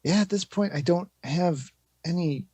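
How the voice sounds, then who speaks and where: A man's voice: sits high, measured pace, warm tone, slightly rough, no echo. A man playing in a tabletop game, talking casually and hesitantly, thinking aloud with ums. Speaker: player.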